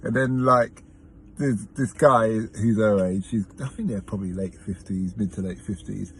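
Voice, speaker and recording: A man's voice: lowish voice, normal speed, low-quality recording. A man who drives a taxi, telling passenger stories in a casual, chatty way, laughing and correcting himself as he goes. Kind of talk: casual storytelling monologue. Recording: car and street noise behind.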